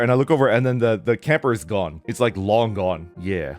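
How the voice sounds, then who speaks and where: A middle-aged man spins long, wandering anecdotes, stopping and restarting his sentences as he goes. His voice sits at an ordinary middle pitch. Soft background music runs faintly under his talk. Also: a little fast. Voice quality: rambling, full of "like" and restarts. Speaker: streamer. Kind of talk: casual storytelling.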